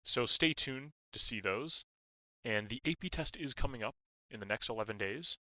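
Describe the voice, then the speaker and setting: A young man tutoring physics, explaining step by step with stop-start phrasing and uneven loudness. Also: mid-range voice, lively intonation, moderate pace, no room sound, rough recording.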